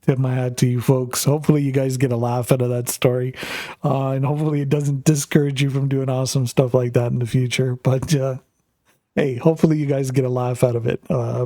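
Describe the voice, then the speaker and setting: A man's voice: mid-range voice, level tone, brisk, mellow, dry recording, clean studio sound. A middle-aged Canadian man, a streamer, telling a rambling family story with lots of fillers while gaming.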